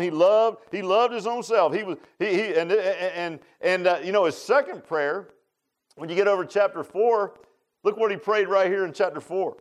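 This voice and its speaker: A man preaching a sermon, folksy and animated, swinging from loud emphatic lines to low quiet ones.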